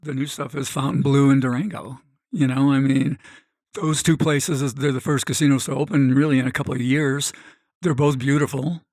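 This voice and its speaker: A middle-aged man, a guest on a podcast, telling a story in an animated way and acting out the voices of the people in it. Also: mid-range voice, a little fast, dry recording. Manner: animated, acts out quoted voices. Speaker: guest, gambling expert. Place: podcast studio.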